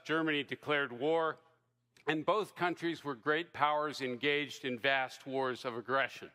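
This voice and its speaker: A man giving a formal opening speech in a debate, measured and emphatic, delivered at a podium mic before a live audience in a large hall. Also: a little high, sharp tone.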